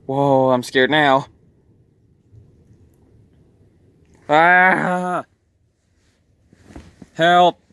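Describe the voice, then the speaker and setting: A man's voice: mid-range voice, measured pace, a bit bright, dry recording, close to an everyday voice. A man voicing a jittery male robot clown who is frightened of storms, sighing and whining as he talks. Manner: sighing, whiny, easily frightened.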